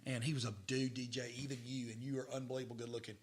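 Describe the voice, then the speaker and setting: A middle-aged man, a podcast guest telling stories in a lively way, repeating words as he goes. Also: mid-range voice, rapid-fire. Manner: animated, stammering repeats, acts out dialogue. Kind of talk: casual storytelling.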